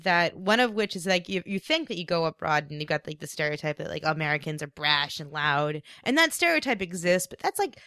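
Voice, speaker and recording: A woman's voice: sits low, fairly quick, few pauses, clear, resonant tone, no echo, clean studio sound. A woman co-hosting a podcast, telling stories in casual chat with lots of filler words. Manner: storytelling, animated, many fillers. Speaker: podcast co-host.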